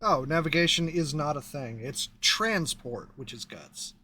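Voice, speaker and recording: A man's voice: fairly high pitch, lively intonation, measured pace, sharp tone. A man running a tabletop game as game master, laid-back and laughing often.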